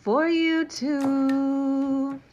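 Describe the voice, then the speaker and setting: A woman's voice: high voice, little pitch movement, darkish tone, slight background noise. A woman singing as lovestruck young Janet. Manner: drawn-out sweet singing. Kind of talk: amateur musical theatre singing.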